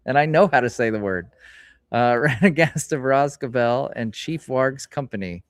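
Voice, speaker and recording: A middle-aged man hosts a casual live stream from a hobby store and rambles along as he opens packs. His voice sits at an ordinary middle pitch, and he slows down to read out each card name. The sound is close and dry, with little room echo. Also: lively intonation, smooth. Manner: chatty and rambling, reads card names aloud in a slowed voice. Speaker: streamer host.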